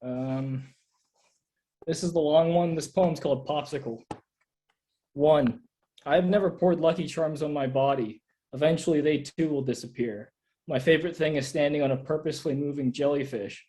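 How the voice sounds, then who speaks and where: A man reading his own absurd poems aloud at a live reading, in a deadpan way. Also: fairly high pitch, normal speed, low-quality recording. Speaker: poet reading own work.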